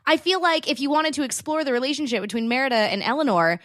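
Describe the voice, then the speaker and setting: A woman's voice: high-pitched, quick pace, no echo, studio quality. A woman in her thirties co-hosting a podcast, ranting about a movie in casual chat with sarcastic, exasperated asides. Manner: animated, sarcastic, exasperated rants. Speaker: podcast co-host.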